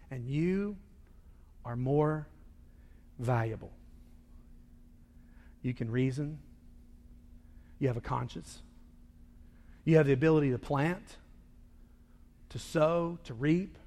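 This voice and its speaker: A man preaching a sermon indoors, moving between hushed, intimate lines and loud, emphatic ones. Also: fairly high pitch, slow pace, long pauses. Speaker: pastor. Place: indoor worship hall. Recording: reverberant hall.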